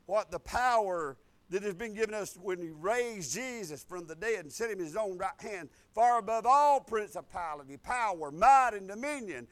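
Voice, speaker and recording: A man, preaching a folksy sermon that repeats phrases and builds to loud declarations. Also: sits high, expressive, normal speed. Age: 50s.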